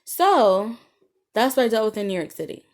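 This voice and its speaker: A woman's voice: on the high side, sing-song, moderate pace. A woman podcaster delivering a casual solo monologue, an indignant, rambling rant full of ums and swearing.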